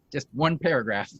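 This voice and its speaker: A man hosting an interview, asking questions with halting restarts and chuckling along with his guest. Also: medium pitch, husky, no room sound, dull audio. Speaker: interview host. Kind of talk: conversational interview.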